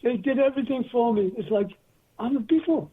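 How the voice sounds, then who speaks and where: An older man spins long, wandering anecdotes in a rather high, husky voice. He comes through a tinny phone line and slips into other people's voices as he talks. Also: brisk. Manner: rambling anecdotal storyteller, acts out quoted voices. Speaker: guest. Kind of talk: storytelling interview.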